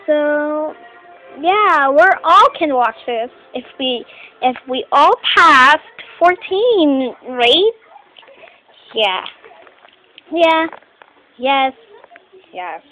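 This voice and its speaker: A woman voicing teenage doll characters in a homemade skit, talking in a halting, rambling way and often clearing her throat. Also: high voice, sing-song, sharp tone, soft background music, poor audio.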